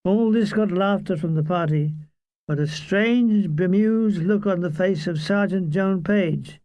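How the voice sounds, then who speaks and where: A man's voice: high voice, unhurried, warm tone, dry recording. A man narrating a comic wartime memoir in a dry, wry storytelling manner. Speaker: audiobook reader.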